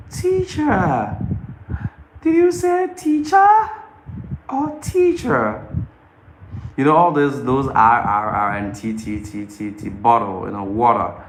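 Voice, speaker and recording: A man's voice: lowish voice, fairly bright tone, echoey room, slight background noise. A man hosting his channel's live Q&A, chatting casually and animatedly, often repeating his phrases. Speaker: YouTube channel host answering viewers live. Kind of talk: casual livestream Q&A talk.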